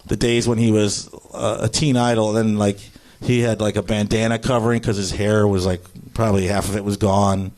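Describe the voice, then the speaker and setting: A man's voice: on the low side, level tone, a little fast, darkish tone. A man guesting on a live comedy podcast, telling stories in loose casual chat full of fillers. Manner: loose storytelling, filler-heavy.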